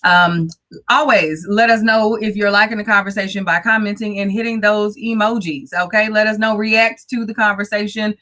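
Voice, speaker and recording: A woman's voice: medium pitch, fairly even intonation, moderate pace, sharp tone. A woman from Oakland, California, co-hosting a casual live-stream talk show, chatty and playful as she talks straight to the viewers. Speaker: co-host.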